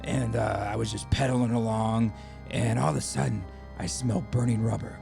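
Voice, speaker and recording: A man playing a boastful werewolf with a growling, gravelly voice who drawls and calls people baby, in an improvised radio comedy. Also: on the low side, fairly even intonation, a little fast. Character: boastful male werewolf, laid-back 1970s hipster. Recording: music playing behind. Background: music.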